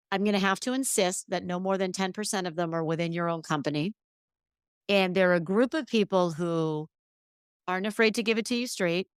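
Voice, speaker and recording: A woman's voice: lowish voice, clear, resonant tone, no echo, studio quality. A middle-aged woman hosting a solo podcast, talking earnestly and emphatically about careers. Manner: earnest and emphatic, emotional at times. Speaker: podcast host.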